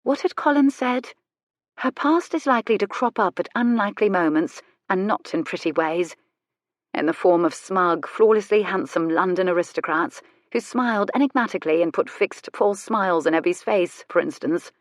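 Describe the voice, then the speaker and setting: A woman narrating a romance audiobook in a measured storytelling voice, sharpening into crisp retorts for the heroine. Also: medium pitch, no room sound, studio quality. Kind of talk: scripted narration.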